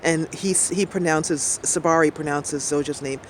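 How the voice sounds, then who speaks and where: A woman's voice: deep voice, fairly even intonation, moderate pace, slight background noise. Chatty middle-aged woman outdoors. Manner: chatty and rambling, laughs often. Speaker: streamer. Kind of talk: casual chat.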